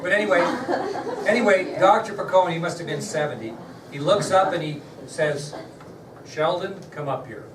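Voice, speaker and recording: A middle-aged history teacher with a rather high voice tells his class a personal story at a moderate pace, chatting directly with his students during the lecture. The recording is noisy and distant, captured in an echoey classroom with crowd noise around him.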